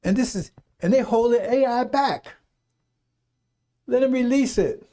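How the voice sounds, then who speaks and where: Fiery, preachy man with high, dark voice. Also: a little slow. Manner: fiery, preachy, swears, mimics voices in asides. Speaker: radio talk host. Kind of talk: rambling radio monologue.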